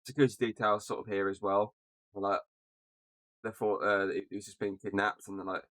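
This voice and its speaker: A man's voice: lowish voice, flat delivery, brisk, fairly bright tone, dry recording. A man co-hosting a podcast, casually recapping a film, laughing often and leaning on "obviously". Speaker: podcast co-host.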